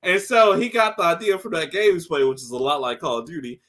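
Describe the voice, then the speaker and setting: Male podcast co-host, higher bright voice, animated casual storyteller. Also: fast. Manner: animated storyteller, acts out scenes, laughs often, swears. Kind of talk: casual chat, recapping a TV episode.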